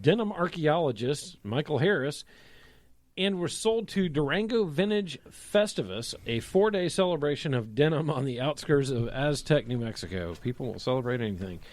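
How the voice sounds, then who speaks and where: A man co-hosting a casual radio show, reading news items in a lively, conversational way. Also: fairly high pitch, moderate pace, no echo.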